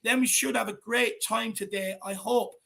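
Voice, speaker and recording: A man hosting a casual livestream chat, reading out viewer messages with animated energy. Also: sits high, normal speed, gravelly. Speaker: host of fan channel.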